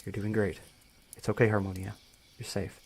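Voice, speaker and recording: A man reading the lines of a gentle young man who talks a frightened friend through her panic in a storybook reading. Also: on the low side, flat delivery, normal speed, slight background noise, lightly acted. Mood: soothing. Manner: soothing, reassuring.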